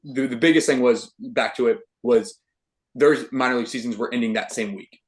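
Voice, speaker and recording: A young man, a baseball pitcher, telling a story in a casual interview with lots of slangy "dude" and "like" fillers. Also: steady tone, normal speed. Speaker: guest, professional baseball pitcher.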